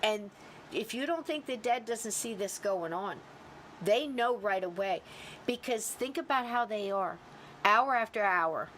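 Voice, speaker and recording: A woman's voice: mid-range voice, measured pace, slight background noise. Chatty woman telling a ghost story. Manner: animated, acts out quoted people. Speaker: podcast host. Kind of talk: casual storytelling chat.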